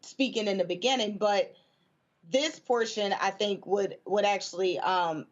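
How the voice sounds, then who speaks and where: A woman guest on a news talk panel who speaks haltingly with many fillers and restarts, with feeling. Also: medium pitch, dull audio. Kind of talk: news talk show discussion.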